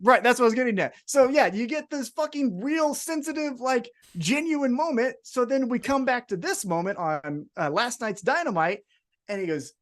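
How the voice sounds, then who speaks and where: A man co-hosting a casual podcast, retelling events in an excitable, animated way and swearing freely. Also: extremely high pitch, moderate pace. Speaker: podcast co-host.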